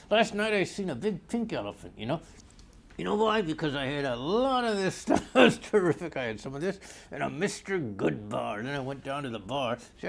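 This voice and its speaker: A man's voice: on the high side, vocal fry. An older man in a rambling, blustery comedic monologue, easily sidetracked and arguing with imagined callers. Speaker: comedy character newscaster.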